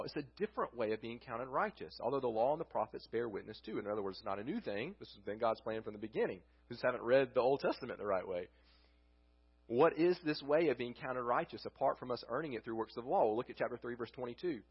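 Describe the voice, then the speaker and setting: Male pastor, mid-range voice, breathy edge; conversational sermon delivery on a dull church recording. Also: mid-range voice, lively intonation, fast talker. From United States. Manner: conversational preaching with rhetorical questions and restarts. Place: church sanctuary.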